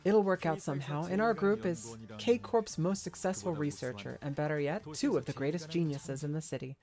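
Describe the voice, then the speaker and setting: A woman's voice: low-pitched, fairly quick, warm tone, faint music behind. A woman voicing a brash, boastful young man with a put-on American Southern accent, speaking in a swaggering, casual way. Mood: cocky.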